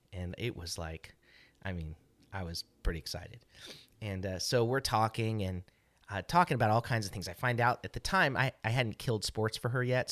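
A man's voice: lowish voice, fairly bright tone, no echo. A middle-aged man co-hosting a podcast, telling a story casually in a rambling way with many restarts and fillers. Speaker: podcast co-host.

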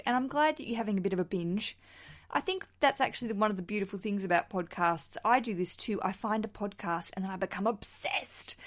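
A woman hosts her solo podcast in a bubbly, chatty, self-mocking way. She rambles and restarts her sentences. Her voice sits at an ordinary middle pitch. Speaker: podcast host.

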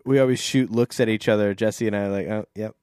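A man reading a book aloud on a podcast and chatting about it wryly, slipping into quick quoted voices. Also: fairly low pitch, steady tone, a little mellow, smooth, no room sound, clean studio sound. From St. Louis. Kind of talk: casual chat and reading aloud.

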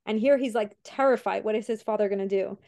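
A woman's voice: mid-range voice, quick pace, gravelly, mellow. A young woman hosting a podcast, retelling a story in a rambling way with many fillers and restarts. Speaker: podcast host.

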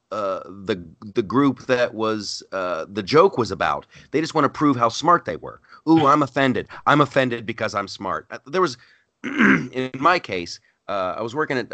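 Bright-voiced man, dry close sound. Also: mid-range voice, no room sound. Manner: animated, repeats words when starting sentences. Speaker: stand-up comedian guest. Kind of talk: casual interview storytelling.

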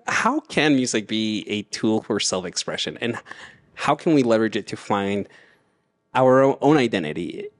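A man's voice: fairly low pitch, expressive, normal speed, no room sound. A man co-hosting a casual podcast chat, rambling and repeating words as he talks. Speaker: podcast co-host.

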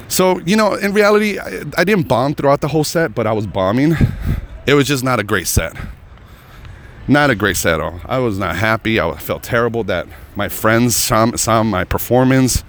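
A man's voice: fairly low pitch, fairly bright tone. A man working as a comedian, telling a rambling, profane story straight to his viewers. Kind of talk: casual storytelling to camera.

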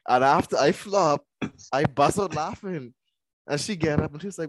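A man co-hosting a casual podcast chat, telling stories in an animated way with quoted voices. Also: on the high side, moderate pace, no echo. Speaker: podcast co-host.

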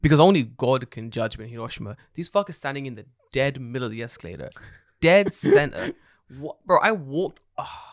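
A man's voice: mid-range voice, fairly quick, creaky, dry recording, studio quality. A man co-hosting a casual podcast, telling stories with lots of swearing and acting out the people in them. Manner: animated storyteller, swears a lot, acts out people in quotes. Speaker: podcast co-host. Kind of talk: casual chat. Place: lives in Japan.

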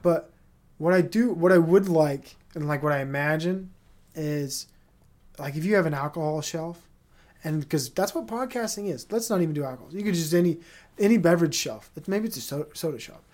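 A man's voice: a little high, expressive, fairly quick, darkish tone. A man in his thirties hosting a solo podcast, talking in a rambling, profane way with lots of fillers and tangents. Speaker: podcast host. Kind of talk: casual solo podcast monologue.

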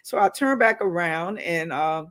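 With a lowish, expressive voice and an unhurried pace, a female minister delivers her weekly wisdom segment. Her teaching is preaching-style but conversational, full of personal stories and calls out to her listeners.

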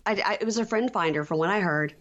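A woman's voice: mid-range voice, quick pace, a bit bright, highs cut off. A middle-aged woman co-hosting a casual podcast recap, rambling with many fillers and losing her place. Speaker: podcast co-host.

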